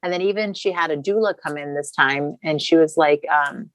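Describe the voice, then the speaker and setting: Candid low-voiced woman telling a story. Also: moderate pace, dry recording, low-quality recording. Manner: chatty, candid, swears casually. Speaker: podcast guest. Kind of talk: casual storytelling.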